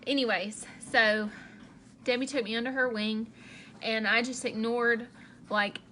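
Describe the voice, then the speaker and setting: Woman sales director for a personal vlog: slow, emotional, candid, repeats herself. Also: fairly high pitch, steady tone, sharp tone, a little hiss or hum.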